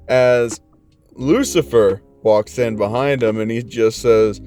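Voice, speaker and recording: A young man casually telling a fan-made story, in a loose, slangy style with swearing and quick voiced asides. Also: mid-range voice, darkish tone, faint music behind.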